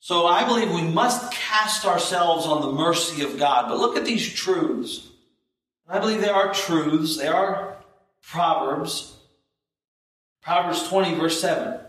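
A man preaching a sermon as pastor, slow and emphatic, rising in intensity on key points. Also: high-pitched, animated, a bit bright. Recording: roomy echo, distant from the mic.

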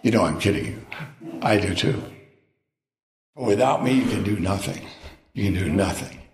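A man's voice: fairly low pitch, lively intonation, moderate pace, darkish tone, roomy sound. A man preaching a sermon in a conversational, emphatic way, now and then raising his voice. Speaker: pastor.

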